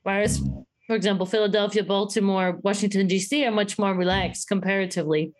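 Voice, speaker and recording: A woman co-hosting a podcast in casual chat, animated and acting out quoted voices as she talks. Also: mid-range voice, a little fast. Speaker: podcast co-host.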